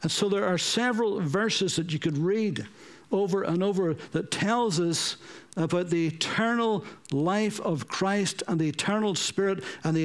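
High-voiced earnest male preacher. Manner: earnest, pleading, repeats for emphasis. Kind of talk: sermon.

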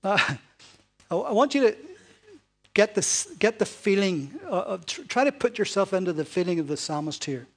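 A man preaching a sermon to a congregation in a relaxed, chatty way, often ending points with tag questions. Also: sits high, normal speed. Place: church hall before a congregation.

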